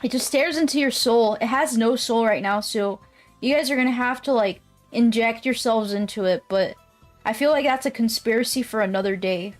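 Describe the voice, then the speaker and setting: A woman's voice: fairly high pitch, normal speed, faint music behind. A woman streamer chatting casually with her viewers. She rambles, swears often and laughs easily. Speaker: live streamer. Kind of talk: casual live-stream chat.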